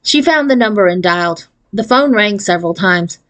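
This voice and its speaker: A woman reading a children's chapter book aloud in a steady narrating voice. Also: medium pitch, normal speed, dry recording. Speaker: storyteller.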